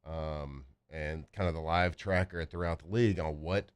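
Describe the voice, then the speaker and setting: A man co-hosting a sports radio show, talking football in a relaxed, rambling, joking way. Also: very deep voice, normal speed, clean tone. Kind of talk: casual sports talk.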